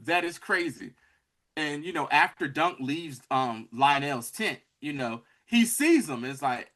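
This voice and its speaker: Animated man recapping a show. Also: fairly high pitch, normal speed. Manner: animated storytelling, acts out characters' lines. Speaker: podcast co-host. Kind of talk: casual recap chat.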